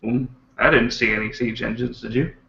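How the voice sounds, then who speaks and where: A man's voice: mid-range voice, steady tone, normal speed, vocal fry, sharp tone, recorded from a distance, slight background noise. A man playing a tabletop game with dry, sarcastic remarks. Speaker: player. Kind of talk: in-character tabletop play. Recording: roomy lo-fi audio from off-mic.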